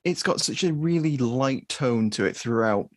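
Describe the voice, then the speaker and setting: A man co-hosting a podcast, talking about a film in a relaxed, measured way. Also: medium pitch, no room sound, clean studio sound. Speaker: podcast co-host. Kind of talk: casual film discussion.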